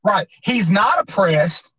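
A man's voice: high voice, very animated, slow pace, a bit bright, low-quality recording. A man co-hosting a podcast, telling stories in rambling, profane casual chat with lots of fillers. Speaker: podcast co-host.

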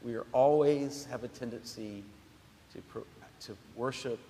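A man's voice: medium pitch, a little slow, warm tone. A man preaching a sermon as pastor, emphatic and conversational, often restarting his phrases. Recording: long hall reverb.

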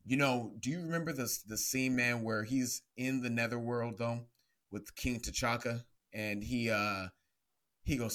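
This is a podcast host in a casual faith-based chat, earnest and slightly preachy, calling his guest "bro" and "man." His voice is medium-pitched and fairly bright, at a normal speed.

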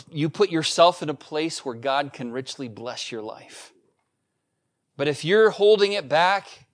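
A man preaching a sermon as pastor, talking casually to the congregation and growing emphatic when he reads scripture. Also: on the high side. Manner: conversational preaching, rising to emphatic scripture reading.

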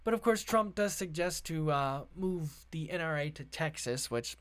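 A sarcastic political commentator reads the news aloud and breaks into profane rants, heated and mocking, full of rhetorical questions. His mid-range voice is expressive and moves at a moderate pace.

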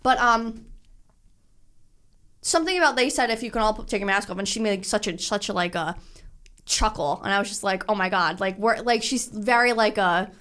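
A woman's voice: mid-range voice, normal speed, a bit bright, clean tone. Young female co-host, casual chat, rambling anecdote style. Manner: rambling, lots of "like" and restarts.

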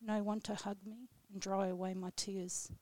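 A woman reads one of her poems in a radio studio, where she is the guest poet. Her pace is slow, solemn and measured, and her slightly mellow, middle-pitched voice shows little pitch movement. The sound is dry and close, without echo.

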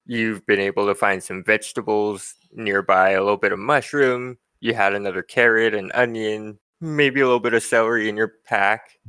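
A man narrating a tabletop game as game master, playful and quick to laugh. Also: lowish voice, steady tone, pushed and bright, clean tone, no echo. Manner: laughs often, playful and teasing.

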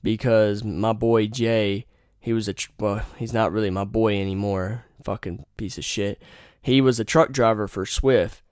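Profane young man, smooth low voice. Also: fairly even intonation, measured pace, a little mellow, no room sound, clean studio sound. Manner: profane, rambling, opinionated. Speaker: podcast host. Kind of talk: casual storytelling monologue.

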